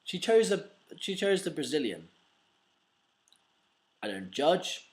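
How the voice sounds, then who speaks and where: A man's voice: fairly high pitch, big pitch swings, slow. A man telling a rambling, swearing comedic story in a casual vlog. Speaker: vlogger.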